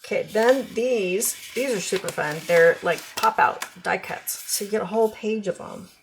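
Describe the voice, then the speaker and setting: A woman's voice: medium pitch, moderate pace, slight background noise. A woman demonstrating craft products in a casual, chatty show-and-tell, full of ums and gushing over cute designs.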